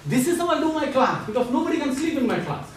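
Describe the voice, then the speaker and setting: A man lecturing a class, animated and quizzing students with playful asides. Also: very high-pitched, quick pace. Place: large echoey lecture room. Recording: echoey classroom from far off, faint hiss.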